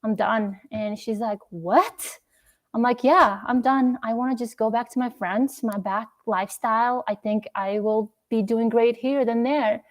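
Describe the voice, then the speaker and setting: A woman's voice: fairly high pitch, steady tone, normal speed, hardly any pauses, a little mellow. A young woman from Uzbekistan, a podcast guest telling her story in a casual interview and emotionally acting out her family's words. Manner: emotional, acts out family dialogue.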